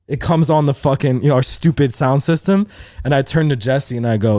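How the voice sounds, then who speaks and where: Young male co-host, casual storyteller, profane, lively, dry close mic. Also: mid-range voice, a little fast, dry recording. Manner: animated, profane, acts out quotes. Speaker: podcast co-host.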